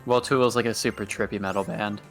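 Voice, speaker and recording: A man's voice: on the low side, steady tone, fast, faint music behind. A young man chatting casually on a stream, telling stories animatedly, laughing a lot and saying "like" often. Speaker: guest on stream. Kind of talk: casual chat.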